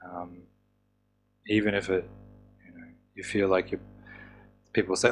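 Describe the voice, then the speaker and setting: A man teaching a course on tapping therapy in a relaxed, casual way, with fillers and restarts. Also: low-pitched, moderate pace, pauses often, soft background music. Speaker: EFT teacher.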